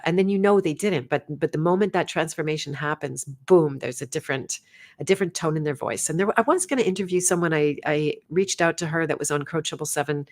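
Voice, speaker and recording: A woman's voice: low voice, vocal fry. A middle-aged woman hosting a livestream and coaching, chatting casually and rambling with frequent self-corrections.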